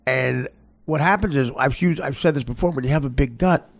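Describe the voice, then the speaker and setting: A man's voice: mid-range voice, fairly quick, vocal fry. A man hosting a podcast, telling crude comic stories in a rambling, stammering way and laughing at his own jokes. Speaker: podcast host. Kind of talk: crude comedic storytelling.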